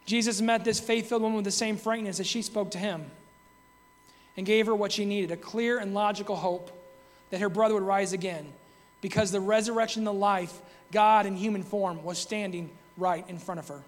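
A man's voice: sits high, fairly even intonation, a little fast, in a large hall. A man giving a reflective devotional Bible teaching, reading scripture passages aloud between his comments. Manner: reflective, reads scripture aloud in King James wording. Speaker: preacher.

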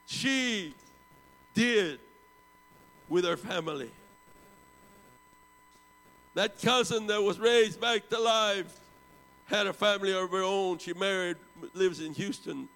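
A man in his seventies preaching a storytelling sermon, swinging from loud bursts down to hushed, low tones. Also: smooth, big-room sound, poor audio. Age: 70s.

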